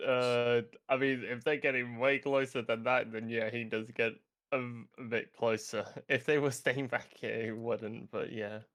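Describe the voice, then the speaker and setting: A man's voice: medium pitch, level tone, a little slow, fairly bright tone. A man playing a tabletop game, talking in a laid-back, hedging way. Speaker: player. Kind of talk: casual tabletop play.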